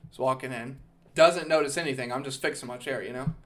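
A man's voice: mid-range voice, quick pace, a bit bright. A man hosting a podcast, casually telling a long story, rambling and swearing, with "okay?" and "dude" thrown in. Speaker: podcast host.

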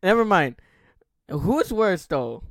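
Lively higher-voiced young man teasing. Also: dry recording. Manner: teasing, questioning, quick to swear. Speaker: podcast co-host. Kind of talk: casual podcast chat.

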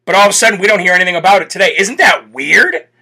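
Brash high-voiced male talk host. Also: animated, rapid-fire, pushed and bright. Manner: brash, mocking, fires rhetorical questions. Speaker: political talk show host. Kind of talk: opinionated live commentary.

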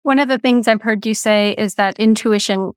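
A woman's voice: mid-range voice, normal speed, clean tone, no echo, studio quality. A woman hosting a podcast interview, speaking in an earnest, reflective way and sharing personal stories. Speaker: podcast host. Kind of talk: conversational interview.

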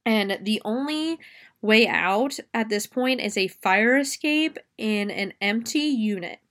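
A woman recapping a horror film in casual chat, animated and gushing, swearing freely. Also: on the high side, slow. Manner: excitable and gushing. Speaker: movie reviewer.

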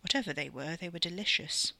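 A woman narrates a dark story in a steady, expressive read, her voice sitting a little low yet sounding bright and forward. The recording is dry and close, with no room around it. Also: fast talker, gravelly, dry recording. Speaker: podcast narrator.

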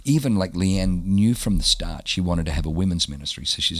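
A middle-aged Australian pastor telling stories in a casual interview, animated and acting out the voices of people he quotes. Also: low voice, a little fast, dry recording.

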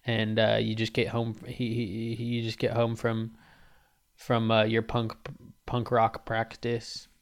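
Profane rambling man with a smooth voice. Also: lowish voice, monotone, slow pace. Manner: profane, rambling, many restarts. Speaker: podcast host. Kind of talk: rambling comedic storytelling.

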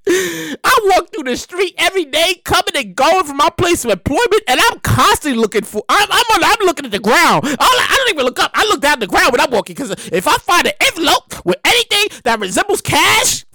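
A woman giving comedic commentary, animated and incredulous, exclaiming and laughing. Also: extremely high pitch, brisk, no echo.

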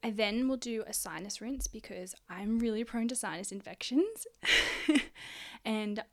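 A woman's voice: a little high, unhurried, a little mellow. A woman hosting a casual solo podcast, chatty and frank, swearing freely and out of breath. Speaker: podcast host.

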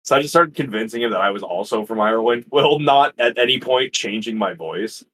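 A man's voice: medium pitch, expressive, a little fast, a bit bright, breathy edge. A young man co-hosting a podcast, chatting casually, rambling and swearing with frequent laughter. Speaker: podcast co-host. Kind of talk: casual chat.

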